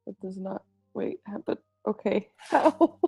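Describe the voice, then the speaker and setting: A woman's voice: medium pitch, animated, unhurried, mellow, husky, dry recording, faint music behind, low-quality recording. A woman playing in a tabletop game, apologetic and self-deprecating as she asks for help. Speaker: player. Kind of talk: casual tabletop game chat.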